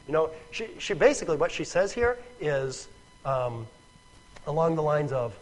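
A man's voice: a little high, big pitch swings, moderate pace, low-quality recording. A man preaching a sermon in a conversational, emphatic way, often repeating words and checking with "right?".

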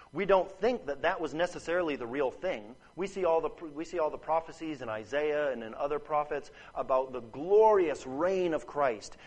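A man with a high voice delivers a sermon, earnest and emphatic. He presses his points through repeated phrases and keeps checking in with his listeners. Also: poor audio. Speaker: preacher.

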